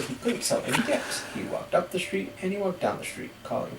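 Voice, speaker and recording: A woman reading a picture book aloud to a child, animated, with asides in between. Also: mid-range voice, fairly quick. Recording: echoey room, far from mic, background noise.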